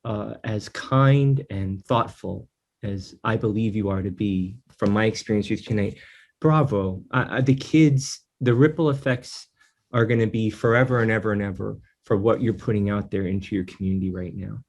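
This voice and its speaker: A man co-hosting a podcast, speaking in a halting, heartfelt way with many fillers. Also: fairly low pitch, darkish tone. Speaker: podcast co-host. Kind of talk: casual podcast chat.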